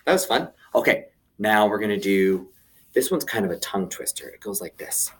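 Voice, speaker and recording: A man's voice: lowish voice, lively intonation, moderate pace, fairly bright tone. A man hosts a video lesson for young children. His playful, enthusiastic voice swings widely up and down, and he talks directly to his viewers as he gets ready for songs and a story. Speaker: children's teacher.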